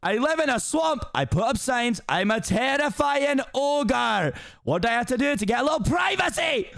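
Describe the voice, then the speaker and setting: A tipsy man voicing a gruff, grumpy male ogre with an exaggerated, growling Scottish accent. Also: extremely high pitch, big pitch swings, normal speed, a bit bright, no echo, shouting, studio quality, pitched above the performer's own voice, heavily acted. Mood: angry. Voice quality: growling, aggressive.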